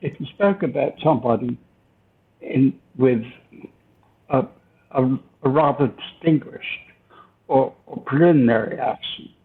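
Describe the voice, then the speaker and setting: Older man, gravelly, hesitant, reflective, tinny line. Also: mid-range voice, a little slow, long pauses. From United States. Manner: thoughtful, hesitant, with restarts. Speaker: interview guest. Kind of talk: reflective storytelling. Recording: tinny phone-line sound.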